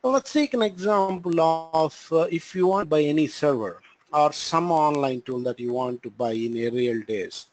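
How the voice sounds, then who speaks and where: A man with an Indian English accent teaching a live online class on cloud computing, halting and full of fillers. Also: a little high, rough recording. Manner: halting, frequent fillers and restarts. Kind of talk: live online training lecture.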